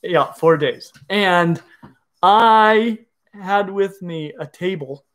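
A middle-aged man, a reptile educator, answering viewer questions in an enthusiastic, explanatory way, often restarting his sentences. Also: sits high. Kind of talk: casual livestream Q&A.

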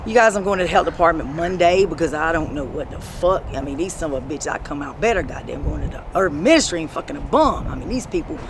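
A woman telling rambling, profane stories in a street interview, breaking into shouts. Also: low voice, fast, hardly any pauses. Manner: profane, animated storytelling with sudden shouts. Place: outdoors on a city street. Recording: street noise and passing traffic.

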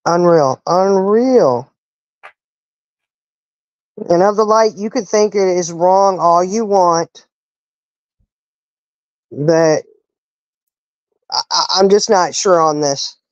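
A woman's voice: on the low side, slow pace, pauses often, no echo, lo-fi sound. A woman hosting a live stream, ranting indignantly with pointed rhetorical questions. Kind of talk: casual live-stream talk.

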